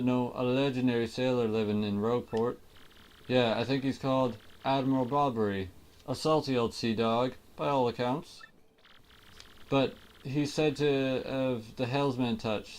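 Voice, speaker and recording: A man putting on a rough sailor with a heavy accent. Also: mid-range voice, a little mellow, natural voice. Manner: heavy put-on accent, slangy. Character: gruff rough-spoken male sailor.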